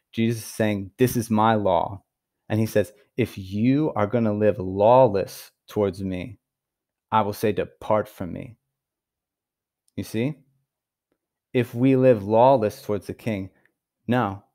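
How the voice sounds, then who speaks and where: A man giving an earnest Bible teaching, stressing key words and pausing for emphasis. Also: fairly low pitch, a little mellow. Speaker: preacher.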